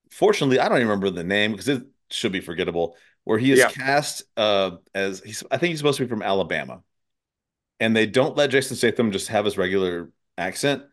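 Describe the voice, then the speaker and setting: Low-voiced, profane podcast host, a man. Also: fairly bright tone. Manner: loose and profane, laughs often. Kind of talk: casual conversation.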